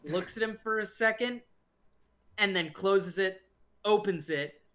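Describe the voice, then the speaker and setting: A man narrating a tabletop game as game master, relaxed and rambling, with lots of fillers. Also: sits high, measured pace, slight background noise.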